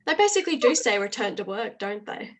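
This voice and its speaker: A woman's voice: mid-range voice, very animated, fast. Wry woman podcaster over background chatter. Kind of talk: casual chat.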